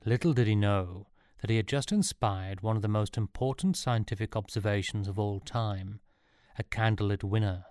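Low-voiced guy reading a funny audiobook, dry wry delivery, super dry close mic. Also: no echo. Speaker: narrator. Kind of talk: audiobook narration.

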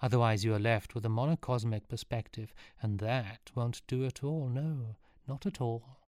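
A man's voice: medium pitch, fairly even intonation, normal speed, a little mellow, dry recording, clean studio sound, natural voice. A man voicing a vain, showy girl who speaks in a prim, fussy way.

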